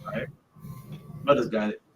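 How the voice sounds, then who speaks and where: A man's voice: a little slow, over music. A man in a casual scripture discussion, blunt and punchy, often checking in with "right?". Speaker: class member.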